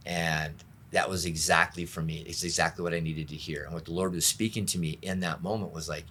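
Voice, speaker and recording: A middle-aged man with a very low, deep voice speaks candidly as a pastor being interviewed. He tells his story openly and pokes fun at himself, his deep tone staying low as he talks. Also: fairly even intonation, normal speed, bright, forceful tone, a little hiss or hum. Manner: open, self-deprecating, laughs at himself.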